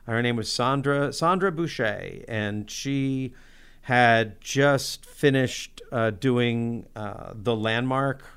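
A man shares a casual personal story about life as a musician, sounding excitable and self-deprecating and saying "like" a lot. His pitch is medium, his pace slow, and his tone clean.

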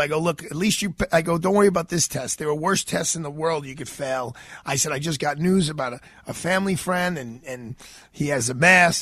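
A man's voice: fairly high pitch, dry recording. A middle-aged man, hosting a talk radio show and telling a story while acting out the voices he quotes. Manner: animated, acts out quoted voices.

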